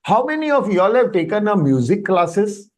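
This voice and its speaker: A man's voice: high voice, big pitch swings, moderate pace. A man with an Indian English accent teaching Sanskrit on a video call, explaining and checking with students as he goes. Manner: explains with questions to students, mixes Hindi into English. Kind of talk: online workshop lesson.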